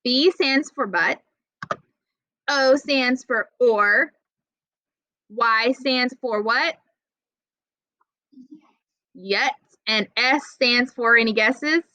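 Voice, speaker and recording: A young adult woman teaching an online writing class, patient and encouraging, reading example sentences slowly. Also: on the high side, sharp tone, dry recording, low-quality recording. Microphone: video call.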